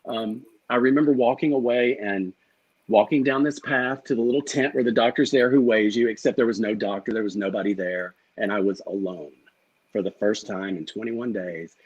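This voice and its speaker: Candid and profane, a middle-aged man recounts an emotional story as an interview guest, acting out the exchanges as he goes. His voice runs on the low side at normal speed, a little mellow and husky, captured in dull audio.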